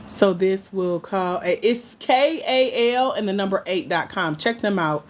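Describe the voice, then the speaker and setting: A woman's voice: mid-range voice, a little slow, a little hiss or hum. A woman coaching on grants, chatting casually on a livestream and teasing her viewers as she answers their comments. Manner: playful, teasing, talks back to chat comments.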